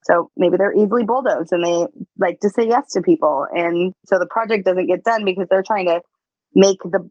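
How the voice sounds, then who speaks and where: A woman's voice: fairly low pitch, moderate pace, a little mellow, dry recording, lo-fi sound. A woman giving blunt, emphatic sales coaching in a casual podcast chat, swearing freely.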